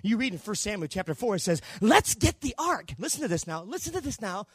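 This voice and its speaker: Animated high-voiced preacher man. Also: brisk, husky, no room sound, studio quality. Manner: animated preaching that swings from shouting to hushed low tones. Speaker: pastor. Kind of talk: sermon.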